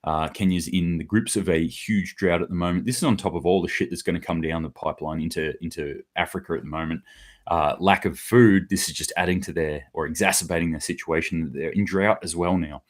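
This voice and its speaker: A man's voice: low voice, steady tone, brisk. A middle-aged man hosting a solo news commentary, blunt and sarcastic, acting out quotes in mock voices.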